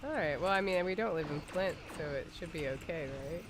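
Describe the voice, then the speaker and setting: Against a noisy background, a woman with a fairly low voice talks fairly quickly. She is a podcast co-host playing a game on a livestream, giggly and chatty with lots of filler words.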